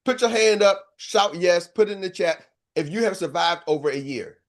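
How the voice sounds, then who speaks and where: An older man coaching a live seminar, talking in a punchy, energetic way and throwing rhetorical questions to the audience. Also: high-pitched, normal speed. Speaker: business coach.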